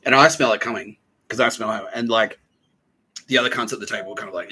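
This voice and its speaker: A man's voice: lowish voice, fairly even intonation, fast, over music, rough recording. A man hosting a podcast, telling a rambling, profane story and laughing at his own jokes. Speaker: podcast host. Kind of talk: rambling monologue.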